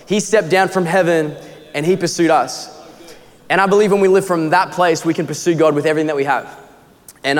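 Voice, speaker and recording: A young man, an assistant kids pastor, preaching a sermon in an earnest, conversational way with casual fillers. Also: high-pitched. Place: church auditorium. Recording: long hall reverb.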